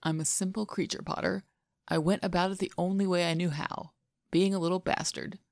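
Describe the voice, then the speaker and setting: A woman voicing a sly, fond adult man in a podfic of fan fiction, in a soft, lightly teasing way. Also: fairly low pitch, fairly even intonation, brisk, vocal fry, no echo, studio quality.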